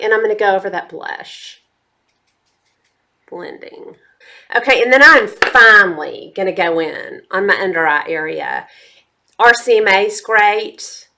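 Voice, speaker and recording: With a bright, forceful tone at a medium pitch, this beauty vlogger talks her viewers through a makeup tutorial. She's chatty and casual, addressing them directly as y'all.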